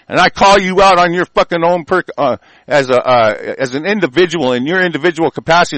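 A man's voice: fairly high pitch, no echo, rough recording. A man delivering an angry, profane rant, cursing constantly and stammering over repeated words. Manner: shouting, cursing, stammering repetitions. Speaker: ranting commentator.

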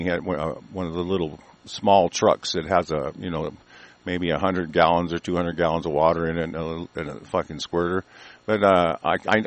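A middle-aged man with a deep voice calls in to a talk show from a rural mountain area and launches into an angry rant. He's heated, profane and rambling, restarting often, and the audio has no echo.

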